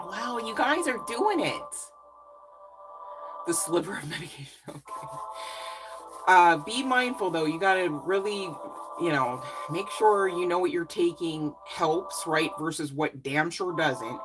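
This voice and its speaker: Low-voiced effusive woman reader. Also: lively intonation, unhurried, over music, low-quality recording. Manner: effusive, encouraging, chatty with many fillers. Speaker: psychic reader. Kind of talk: casual live reading chat.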